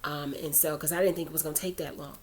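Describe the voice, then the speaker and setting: Speaking quickly in a deep, somewhat mellow voice with fairly level intonation, a woman vlogger shares her faith story to camera. She chats and rambles through many asides before growing earnest as she encourages prayer, with slight background noise present.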